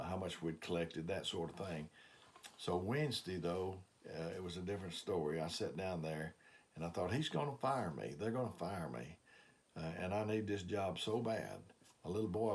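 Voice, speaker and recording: Deep-voiced older Southern preacher. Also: male voice. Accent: Southern US, Alabama. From Alabama, US. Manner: plain folksy storytelling, frequent "uh" fillers. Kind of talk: testimony sermon.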